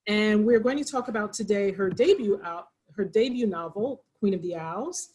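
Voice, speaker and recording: A woman's voice: medium pitch, moderate pace, a little mellow, slight background noise, low-quality recording. A woman with a Pennsylvania accent hosting a library video call, chatty and rambling with frequent restarts. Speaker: library program host. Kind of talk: casual moderated video call.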